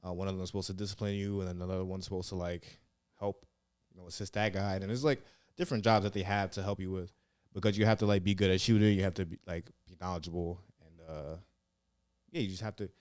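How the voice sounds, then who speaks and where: Low-voiced, profane young man telling stories. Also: steady tone, quick pace, darkish tone, smooth, no echo, clean studio sound. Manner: rambling, profane, heavy on "like" and "yeah". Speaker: comedian and former Marine recruit, podcast guest. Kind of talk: casual storytelling interview.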